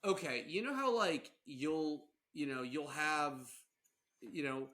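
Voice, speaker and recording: A young man rambles through a casual podcast chat, animated and quick to laugh, with a bright tone. His voice sits a little high for a man, and he stumbles over restarts as he goes. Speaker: podcast co-host.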